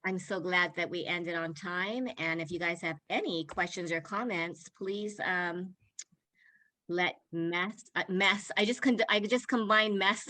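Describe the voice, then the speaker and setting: A woman hosts an online summit in a bright, clear voice. She talks in a chatty, rambling way, laughing often and getting a little emotional. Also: fairly low pitch, steady tone, unhurried, low-quality recording. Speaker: summit host. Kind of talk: casual online video chat.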